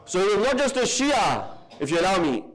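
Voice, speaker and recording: A man from the UK giving a sermon in a large hall, telling a religious story with lively emphasis and Arabic terms mixed in. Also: sits high, fairly quick. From United Kingdom. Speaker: preacher.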